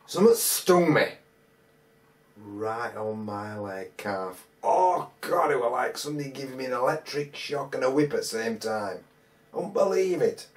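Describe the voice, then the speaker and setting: A man's voice: fairly low pitch, darkish tone, distant mic. A man telling a casual, rambling anecdote as a metal detecting vlogger, full of colloquial phrases and hesitant restarts. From England.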